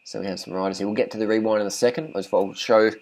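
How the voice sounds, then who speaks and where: A man's voice: lowish voice, fairly even intonation, rapid-fire, heavy background noise. A man talking casually as a cycling vlogger, giving blunt and profane riding tips, and repeating phrases for emphasis.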